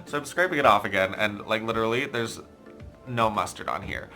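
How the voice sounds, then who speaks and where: A young man vlogging a casual story in an animated, exasperated, self-mocking way. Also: fairly low pitch, fairly quick, soft background music. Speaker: YouTuber.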